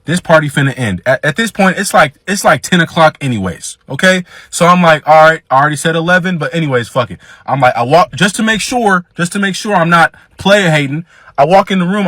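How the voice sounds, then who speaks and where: Profane, animated young man telling a story. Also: a little high, brisk, no room sound. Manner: profane, animated, quotes people in his own voice. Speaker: storyteller guest. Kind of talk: casual storytelling.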